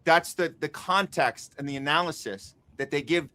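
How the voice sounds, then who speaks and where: Bright-voiced male podcast host. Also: fairly high pitch. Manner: rhetorical questions, quick asides. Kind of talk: casual political podcast chat.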